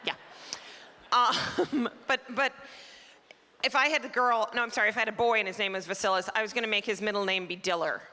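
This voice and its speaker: A woman's voice: medium pitch, steady tone, fairly quick, pushed and bright. A Canadian woman in her forties doing a chatty, self-mocking stand-up set on a theater stage, teasing the crowd. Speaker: stand-up comedian. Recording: live theater recording, long hall reverb, faint crowd noise.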